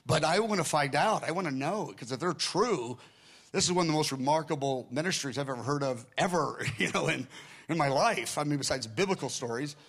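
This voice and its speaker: An older man preaching, telling a story in an animated way and acting out the dialogue. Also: a little high, brisk, breathy edge. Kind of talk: storytelling sermon.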